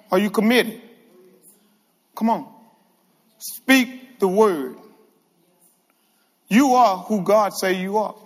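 A man preaching a sermon to a congregation, animated and calling out to the room. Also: sits high, big-room sound. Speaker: guest preacher. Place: church hall with congregation.

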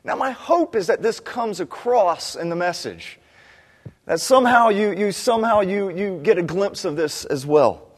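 A man preaching a sermon as pastor, animated, acting out cries of the people he describes. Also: high-pitched, moderate pace, big-room sound.

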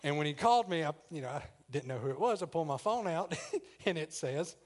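A man's voice: fairly high pitch, lively intonation, fairly quick. A man, preaching a sermon in a church and telling a personal story in a chatty way, talking straight to the congregation and laughing often. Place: church sanctuary.

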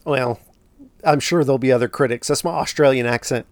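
A man's voice: medium pitch, brisk, dry recording. A man hosting a podcast, casually recapping a film with lots of fillers and asides about what really happened. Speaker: podcast host.

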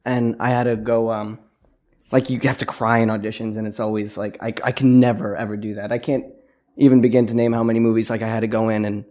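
A man's voice: on the low side, little pitch movement, fast, mellow. A young man, an actor, chatting casually in an interview, rambling with lots of fillers and frequent laughs. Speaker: actor guest.

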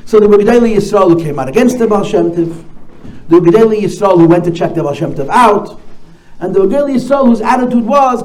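Animated storytelling rabbi, high voice. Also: male voice, fast talker. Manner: animated storyteller, repeats key phrases. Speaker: rabbi giving a talk. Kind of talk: storytelling talk at a gathering. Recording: echoey room, faint noise.

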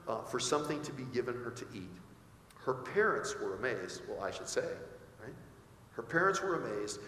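Preaching in an echoey church sanctuary with faint ambience, a male pastor keeps asking his congregation rhetorical questions. His voice is mid-range, and there's slight background noise.

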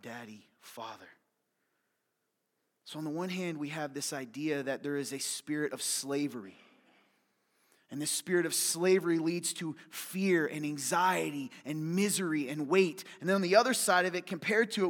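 A man delivers a sermon in a church hall, his voice sitting a little high. He jokes with the congregation and keeps asking them questions. A long reverb trails every phrase. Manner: animated, joking with the congregation, asks questions. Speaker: pastor.

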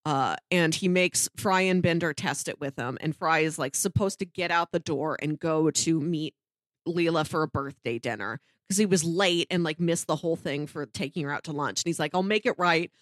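A woman's voice: normal speed, no room sound. A woman co-hosting a podcast, chatting casually and animatedly, laughing often. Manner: animated, laughs often, wide pitch swings. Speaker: podcast co-host. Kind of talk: casual discussion.

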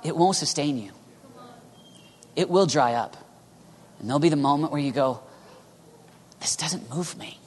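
A man preaching a sermon with passion, swinging between loud urging and hushed whispers. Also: fairly high pitch, normal speed, long pauses. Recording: long reverb of a large hall.

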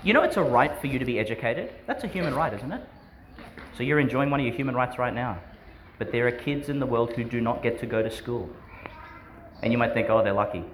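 A man's voice: medium pitch, expressive, fairly quick, fairly bright tone, a little hiss or hum. A man, a priest giving a homily to schoolchildren in a chatty, questioning way that often breaks into laughs. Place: school church service.

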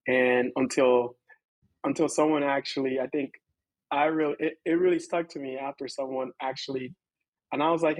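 A man's voice: medium pitch, fairly even intonation, normal speed, no echo, rough recording. American man, dry close sound. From United States. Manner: reflective, many fillers and restarts, laughs while talking. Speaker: co-host. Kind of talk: casual conversation.

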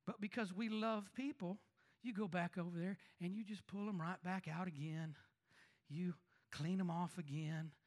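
A man preaching as a pastor, talking conversationally and asking the congregation rhetorical questions, his voice swinging between emphatic lines and quiet asides. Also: high voice, fairly even intonation, normal speed. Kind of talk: sermon.

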